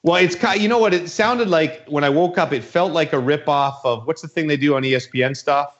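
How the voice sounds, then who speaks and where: A man's voice: on the high side, fairly quick. A man hosting a podcast in casual chat, rambling through a story and acting out the voices in it. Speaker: podcast host. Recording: dull lo-fi sound.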